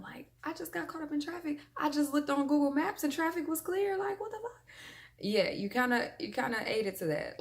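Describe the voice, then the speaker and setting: A woman giving a frank, chatty motivational talk to her viewers, with slang and the odd laugh. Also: low-pitched. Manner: laughs between points. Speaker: vlogger. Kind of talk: casual motivational talk to camera.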